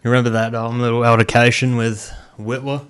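A man's voice: medium pitch, level tone, brisk, fairly bright tone, clear, resonant tone. A young man in casual chat, asking short questions.

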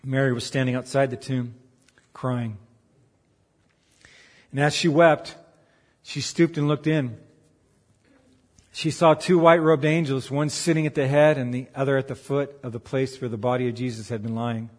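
A man delivering a sermon, swinging from emphatic raised peaks to quiet, earnest asides. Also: medium pitch, moderate pace, long pauses, big-room sound. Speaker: pastor.

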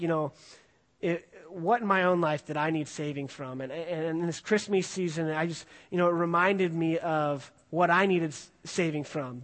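Higher-voiced male pastor in echoing hall. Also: fairly bright tone. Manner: conversational, with many fillers and restarts. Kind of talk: casual sermon with scripture reading. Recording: long hall reverb.

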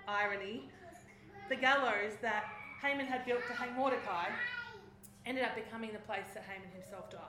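A woman preaching, retelling a story in a lively way and acting out its voices. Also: high-pitched, a little hiss or hum. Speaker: speaker. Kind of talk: sermon storytelling. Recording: echoey hall.

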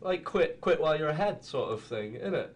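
A man's voice: on the high side, lively intonation, brisk, a little hiss or hum. A young man hosting a casual radio show, joking and chatty with stumbling restarts. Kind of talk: casual chat.

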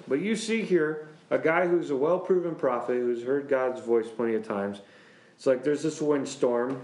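A pastor leading a Bible class in a relaxed, chatty way, joking and chuckling as he talks straight to his listeners. His voice sits in a middling register. The room around him is roomy and echoey. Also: medium pitch. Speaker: pastor teaching a church class. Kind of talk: casual Bible class teaching. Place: church classroom.

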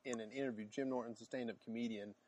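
A man's voice: mid-range voice, steady tone, quick pace, darkish tone, dry recording. Rambling man on a podcast, dry sound. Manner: rambling, many fillers and restarts. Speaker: podcast co-host. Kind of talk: casual chat.

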